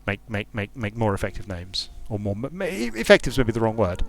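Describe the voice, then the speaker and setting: A man's voice: lowish voice, very animated, a little fast, creaky. A man giving casual commentary while playing a strategy game, thinking aloud with frequent restarts and repeated words. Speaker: streamer and game designer.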